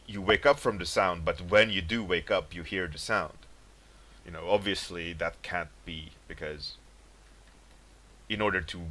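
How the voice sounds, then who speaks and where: On his livestream, an artist chats casually and rambles about dreams, laughing frequently and calling out viewers by name from the chat. His voice is low and bright with a forceful tone.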